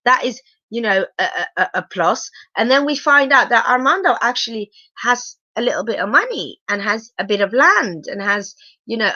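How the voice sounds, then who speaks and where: A woman's voice: medium pitch, bright, forceful tone, no echo, muffled recording. A woman giving a chatty live review of a reality show, exclaiming and asking her viewers questions. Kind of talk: live casual episode review.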